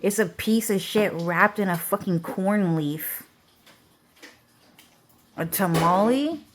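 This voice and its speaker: A woman vlogger rambles through a casual rant into the camera, swearing often and peppering her speech with "like" and "dude." Her voice is medium-pitched and slow, with slight background noise.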